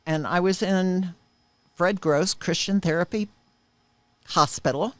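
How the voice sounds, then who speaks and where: A woman's voice: lowish voice, slow pace, no echo. Earnest woman telling a personal story. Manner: earnest, vivid retelling with emphatic peaks. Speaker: interviewee sharing a personal testimony.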